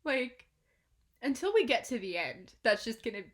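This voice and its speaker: A woman reviewing an album in a reaction video, excitable and swearing, swinging between hushed whispers and shouts. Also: a little high, normal speed. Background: album music playing.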